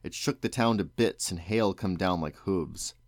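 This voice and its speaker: A man voicing an insistent, dazed rustic townsman with raised pitch. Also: unhurried, no room sound, studio quality.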